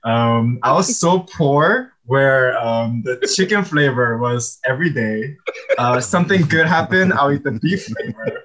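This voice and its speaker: A man recounts his own story in easy, casual conversation. His voice sits at a middle pitch and stays animated, and he laughs often as he talks. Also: unhurried, low-quality recording. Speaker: animation artist guest.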